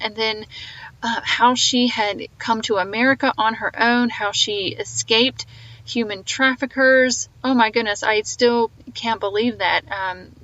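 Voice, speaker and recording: A woman's voice: fairly high pitch, fairly bright tone, no room sound, lo-fi sound. A woman hosting a faith podcast with a slight Southern twang, talking earnestly and rambling a little as she reflects on an interview. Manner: earnest, rambling, full of fillers. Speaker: podcast host.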